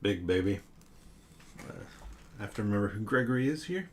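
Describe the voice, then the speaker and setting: A man plays through a board game alone, musing aloud about rules and tokens and mocking himself now and then. He reads the story passages in a middling voice, neither high nor low. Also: expressive, fast, a little hiss or hum. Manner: muses aloud, self-mocking asides. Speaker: board game player and host.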